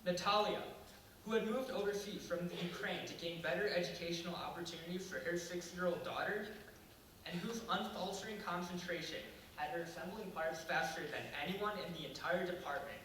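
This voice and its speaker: A teenage boy reads his own essay aloud, his voice bright and a little high. He is heard from well off the mic in a very echoey room with a faint hiss behind him. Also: far from the mic. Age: teens. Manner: halting intro with fillers, then steady reading. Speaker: student reader. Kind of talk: reading a personal essay aloud.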